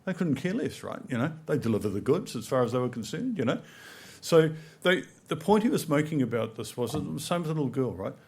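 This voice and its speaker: A man's voice: medium pitch, very animated, fast, vocal fry, a little mellow, slightly rough. A middle-aged man, giving a conference talk in a conversational, anecdotal way, often checking in with "right?" and "you know". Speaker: conference speaker. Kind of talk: conference presentation. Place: conference hall.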